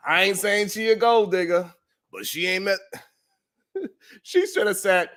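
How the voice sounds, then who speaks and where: A fairly high-voiced man hosts a live talk show. He recaps the week with loud jokes and frequent laughter. He slips into mocking impressions of the people he talks about. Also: unhurried. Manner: animated, laughs often, drops into mocking quoted voices. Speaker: show host. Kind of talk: comedic recap of the week's shows.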